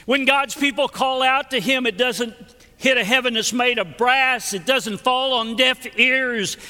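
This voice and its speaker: A man's voice: extremely high pitch, a little slow, sharp tone, big-room sound. A man preaching a sermon, emphatic and repetitive, with folksy storytelling asides.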